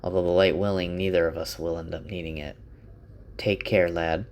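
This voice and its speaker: A man voicing a gentle, fatherly older shepherd who is wounded. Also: low voice, flat delivery, moderate pace.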